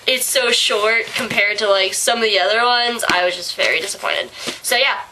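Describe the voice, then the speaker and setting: A young woman giving a rambling, excitable book review in a casual vlog, her voice hoarse from being sick. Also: medium pitch, normal speed, noisy background. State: hoarse from illness.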